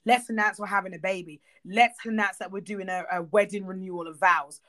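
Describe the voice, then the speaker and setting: A woman co-hosting a casual chat, emphatic and blunt, swearing freely and getting animated as she makes her point. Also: mid-range voice, fairly quick. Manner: animated, acts out quoted voices.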